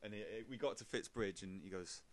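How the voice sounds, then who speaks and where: A man's voice: fairly low pitch, fast talker, a little hiss or hum. A man, a podcast co-host, telling rambling anecdotes full of fillers in casual chat.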